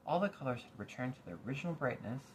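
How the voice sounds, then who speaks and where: A man reading a novel aloud in an expressive storytelling manner. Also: medium pitch, racing, slight background noise.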